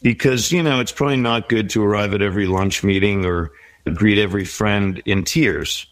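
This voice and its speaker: A man's voice: lowish voice, moderate pace, no room sound. Middle-aged man giving reflective advice. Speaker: guest. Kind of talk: interview conversation.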